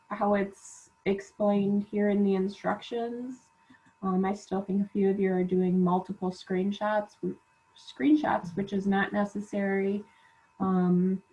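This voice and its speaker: A woman college instructor giving relaxed class reminders with lots of "um" fillers, while feeling unwell. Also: medium pitch. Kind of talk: recorded class announcements. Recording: dull lo-fi class recording.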